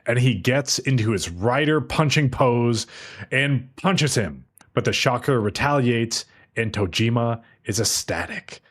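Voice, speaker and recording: A young man on a casual anime podcast, recapping an episode scene by scene. His voice moves lively up and down as he goes, and now and then he briefly acts out what the characters say. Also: medium pitch, unhurried. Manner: recaps the plot at length, acting out the characters' lines. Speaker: podcast co-host.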